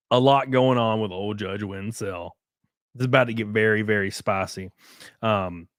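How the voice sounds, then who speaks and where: A man's voice: lowish voice, unhurried, pauses often, a bit bright, smooth, dry recording, studio quality. A man hosting a casual livestream, reading viewer comments and joking around with a rambling, swearing manner. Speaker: livestream host and race car driver.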